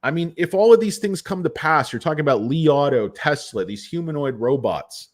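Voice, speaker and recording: A man's voice: on the high side, animated, a little fast. A man giving casual, rambling stock commentary, loose and profane, drifting off topic. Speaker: stock vlogger.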